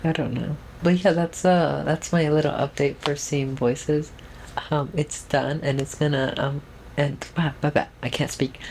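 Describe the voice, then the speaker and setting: Using a trained feminine voice, a young adult vlogger chats by herself at home on camera, meandering through an update with plenty of restarts and fillers. Her speech is mid-range, slightly mellow, fairly even and measured, captured in a low-quality recording with a bit of hiss or hum.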